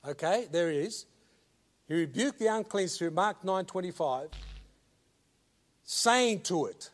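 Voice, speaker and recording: An older man delivers a sermon slowly and emphatically, his intonation lively. He swings between loud commands and quiet, low asides.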